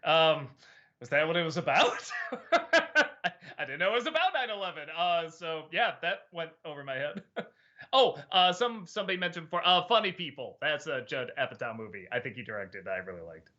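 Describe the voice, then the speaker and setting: Lively bright-voiced man chatting casually. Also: a little high, normal speed, dull audio. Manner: chatty, laughs often, stammers on restarts. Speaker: show host answering chat questions. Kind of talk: casual livestream chat.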